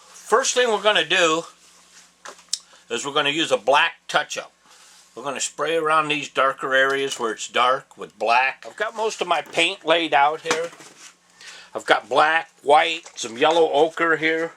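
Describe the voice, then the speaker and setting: A man's voice: a little high, expressive, a little slow, bright, forceful tone, rough recording. A man giving a casual step-by-step craft demonstration in his home workshop, plain-spoken and folksy with rambling asides. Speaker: taxidermy instructor. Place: home workshop with air compressor. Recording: hissy workshop audio, compressor noise. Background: air compressor and spray hiss.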